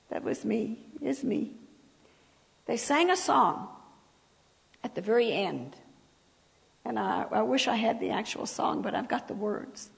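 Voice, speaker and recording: A woman preaches at an unhurried pace, her voice croaky and gravelly with fry. She talks with the congregation in a conversational way, tossing them asides as she goes. The long reverb of a church hall rings around her words. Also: a little high, lively intonation. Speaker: speaker at a church service. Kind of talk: sermon.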